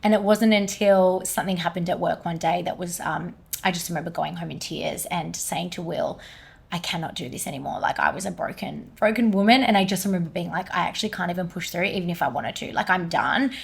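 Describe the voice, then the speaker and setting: A young woman talks through a personal story on a podcast as the guest, an energy healer. She often acts out what others said to her, jumping into quick, lively bursts of quoted speech before settling back into steady talk. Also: lowish voice, creaky, husky. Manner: animated retelling, quoting others in lively bursts.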